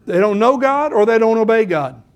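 A man's voice: sits high, lively intonation, a little fast, muffled recording. An older man preaching a sermon, shifting from conversational asides to emphatic scripture reading. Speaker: pastor.

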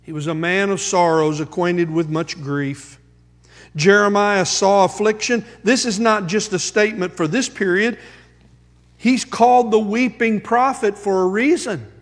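High-voiced pastor preaching. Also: male voice, unhurried, in a large hall. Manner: preaching with rising intensity, quoting scripture. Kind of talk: sermon.

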